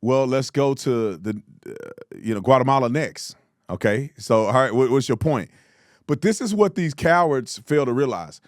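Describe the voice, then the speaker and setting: Man, political commentary host, mocking, exasperated, lively pitch, dry sound. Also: normal speed, dry recording. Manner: mocking, exasperated, repeats words for emphasis.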